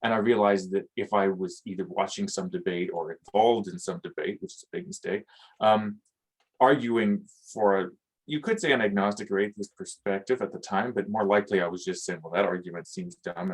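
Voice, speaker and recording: Hesitant low-voiced man thinking aloud. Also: a little fast, rough recording. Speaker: podcast host. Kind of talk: reflective conversation.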